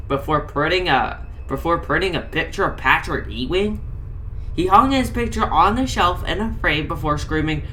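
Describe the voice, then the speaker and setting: A woman's voice: low-pitched, lively intonation, moderate pace, fairly bright tone. A woman reading a rhymed comic story aloud in a crude, profane, ranting manner.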